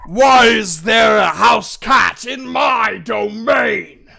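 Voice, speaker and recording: A man voicing a proud, territorial big cat creature that shouts with a screeching roar. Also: very high-pitched, extremely slow, vocal fry, voice pushed up, full character voice. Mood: indignant. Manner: roaring shout.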